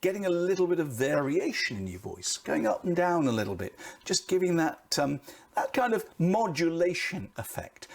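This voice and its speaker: A middle-aged British man coaching on camera presence, talking in an animated way and swinging his pitch and volume for emphasis. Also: brisk, slightly rough.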